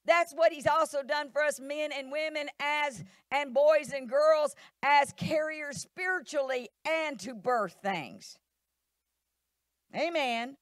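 A woman's voice: high voice, takes it slowly, no room sound, clean studio sound. A middle-aged woman pastor, preaching a sermon in a church, emphatic and repetitive, acting out quoted voices.

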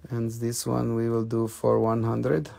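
A man hosting a live sales stream, joking and chatting with viewers as he pitches each item. His voice is gravelly and his delivery slow and unhurried, at a mid pitch. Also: completely flat delivery, warm tone. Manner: jokey, chatty, coaxes viewers to comment. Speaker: host selling minerals on a live stream.

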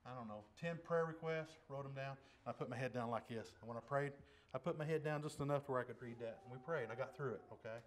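A man telling his conversion story in church as a lay preacher, folksy and plain, dropping to a hush and then bursting out loud. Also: medium pitch, quick pace. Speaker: lay preacher giving testimony. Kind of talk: testimony sermon. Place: church service.

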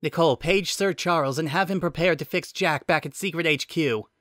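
A man voicing a brisk young male agent leader who gives orders in a clipped way. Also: a little high, expressive, a bit bright, no echo, studio quality, voice pushed up.

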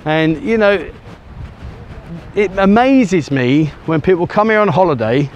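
A man's voice: high voice, animated, a little slow, muffled recording, slight background noise. A man vlogging casually as he walks along a beach, talking to a handheld camera in a rambling way full of ums and uhs, a little out of breath. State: out of breath from walking on sand. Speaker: travel vlogger. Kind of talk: casual walking vlog to camera. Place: outdoors on a sunny beach. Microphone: handheld camera he turns around.

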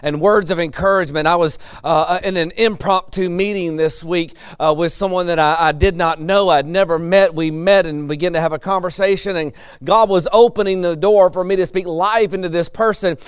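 High-voiced, smooth middle-aged male preacher. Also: steady tone, moderate pace, hardly any pauses, dry recording, studio quality. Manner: conversational, chuckles between points. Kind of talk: sermon.

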